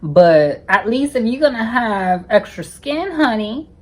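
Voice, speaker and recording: A woman's voice: fairly high pitch, sing-song, a little slow, a little mellow. A woman from the United States telling a storytime vlog in a sassy, profane way, tossing in "honey" at every turn. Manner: sassy, profane, calls listeners honey constantly. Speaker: storytime vlogger. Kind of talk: casual storytelling.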